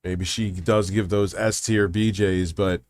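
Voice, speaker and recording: A man streaming reaction commentary, mocking and swearing, often rising into loud high-pitched rants. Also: little pitch movement, a little slow, a little hiss or hum.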